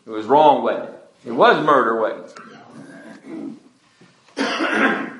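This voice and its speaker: A man's voice: medium pitch, expressive, extremely slow, pauses often, a bit bright, slight background noise. A man preaching a sermon emphatically, calling out to the congregation for responses. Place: church. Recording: echoey church room.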